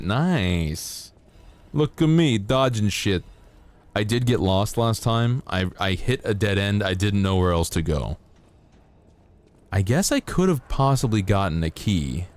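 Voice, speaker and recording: A man streaming a game live, chatting casually and playfully with his viewers while he plays. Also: fairly low pitch. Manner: rambling, playful, talking to chat while playing. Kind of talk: live gameplay stream chat.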